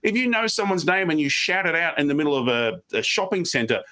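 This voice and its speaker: Aussie guy talking fast and lively on a video call, kinda high pitched. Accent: Australian. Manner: fast, animated, puts on quick mock voices. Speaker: guest speaker. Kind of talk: energetic online presentation tips.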